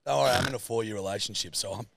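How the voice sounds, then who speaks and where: A man's voice: lowish voice, rapid-fire, gravelly, very noisy. A young man, co-hosting a podcast in cheeky, crude, teasing banter. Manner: cheeky, crude teasing, slips into mock voices. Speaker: podcast co-host. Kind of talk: casual banter.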